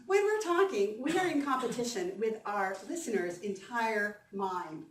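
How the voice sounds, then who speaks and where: Woman voice coach, encouraging workshop leader, higher voice, echoey hall, faint room hum. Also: a little slow. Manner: animated and encouraging, guiding the audience through exercises. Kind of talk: conference workshop talk with exercises. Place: conference hall. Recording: echoey hall, mic from a distance.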